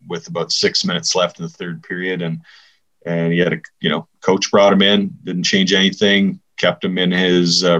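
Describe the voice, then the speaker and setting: A man co-hosting a casual podcast, talking hockey in an easygoing, halting way with many fillers. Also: low voice, fairly bright tone, muffled recording. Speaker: podcast co-host.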